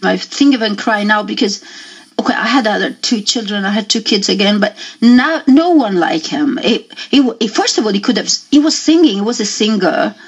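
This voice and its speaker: A woman telling a personal story in a radio interview, talking haltingly and with feeling, often acting out what people said. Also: mid-range voice, expressive, husky. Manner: halting and emotional, acts out quoted dialogue. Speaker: interview guest. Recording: muffled lo-fi radio audio.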